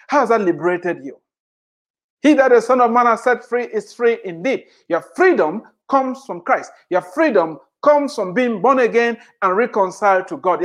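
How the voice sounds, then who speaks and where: A preacher giving an impassioned sermon, repeating phrases and firing off rhetorical questions. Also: mid-range voice. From immigrant to the United States.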